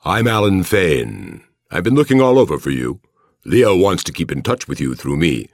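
A man voicing a brisk, businesslike male disc jockey in an audiobook. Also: low voice, very animated, no echo, clean studio sound.

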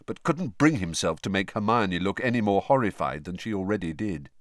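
A man narrating an audiobook with expressive storytelling. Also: fairly low pitch, fairly quick, hardly any pauses, dry recording, clean studio sound. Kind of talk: scripted narration.

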